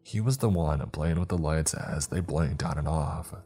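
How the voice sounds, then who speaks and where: A man narrating a first-person horror story in a tense, measured way. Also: a bass voice, dark tone, husky, faint music behind.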